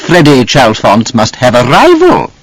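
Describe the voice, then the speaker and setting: A man voicing a malicious, gossiping elderly aristocratic woman in a storybook reading, haughty and drawling, with a husky voice. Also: very deep voice, huge pitch swings, a little slow, dry recording, full character voice, poor audio. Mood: gloating.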